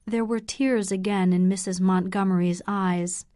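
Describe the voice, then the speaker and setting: A woman narrating a graded English learner audiobook in a slow, clear, measured way. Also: mid-range voice, steady tone, no echo, studio quality.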